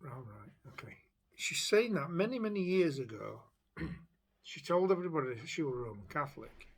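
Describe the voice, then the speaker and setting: In a slightly high, breathy voice, a male psychic medium speaks at normal speed and with great animation. His spirit-message monologue is chatty and hesitant, and he keeps restarting as he relays the spirit's story.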